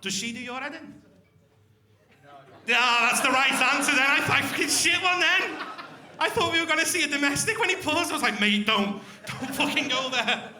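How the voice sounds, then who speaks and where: A man's voice: very high-pitched, fairly quick, pauses often, bright, forceful tone. A young man doing a crude, swearing stand-up routine with crowd work on a comedy club stage. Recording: echoey club room.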